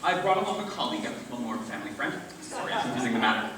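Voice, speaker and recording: A man's voice: medium pitch, very fast, natural voice. A man playing a flustered rich son. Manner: animated, fumbling. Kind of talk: amateur stage musical acting. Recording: echoey stage from far off with noise.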